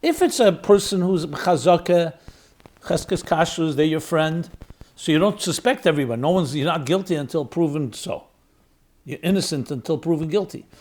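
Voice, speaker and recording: A rabbi hosting a podcast, speaking in a fairly high male voice. He lectures emphatically, repeats key words to drive a point home and weighs arguments aloud with rhetorical questions. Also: lively intonation, moderate pace, darkish tone. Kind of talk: spoken lecture answering questions.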